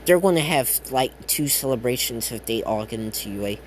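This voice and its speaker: A man improvising a fan-fiction tale out loud in a loose, rambling way. He keeps filling gaps with "uh", correcting himself in the middle of a sentence and dropping in casual curses. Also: medium pitch, lively intonation, brisk, slight background noise. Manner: rambling, lots of fillers and self-corrections, casual swearing. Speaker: fan storyteller.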